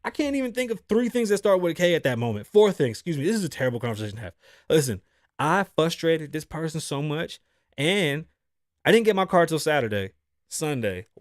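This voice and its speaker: Brief: male host, casual profane storyteller, slightly high voice, dry close sound. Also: sing-song, a little fast, dry recording. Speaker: podcast host. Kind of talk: casual monologue.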